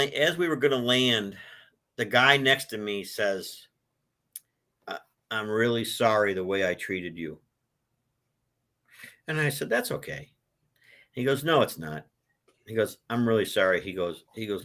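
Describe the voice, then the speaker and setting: A man in his sixties, a book author, telling his life story in an interview, with an animated delivery that swells when he is moved. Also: fairly low pitch, measured pace, long pauses. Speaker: author guest.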